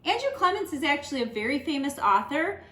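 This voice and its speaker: Woman teacher, high and bright, slow read-aloud for kids, roomy echo. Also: sing-song. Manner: slow and emphatic, clapping out syllables. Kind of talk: lesson and read-aloud for children.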